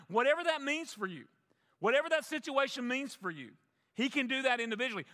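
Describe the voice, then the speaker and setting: A man's voice: extremely high pitch, expressive, quick pace, sharp tone. A male pastor preaching a sermon, emphatic, repeating key phrases for the congregation. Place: church sanctuary. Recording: long church reverb.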